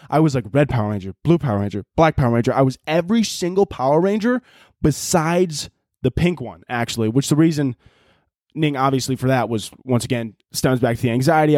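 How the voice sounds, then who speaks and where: A man's voice: medium pitch, a little mellow, dry recording, studio quality. A young man hosting a solo podcast, telling rambling, profane stories with frequent laughter and sometimes out of breath. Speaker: podcast host.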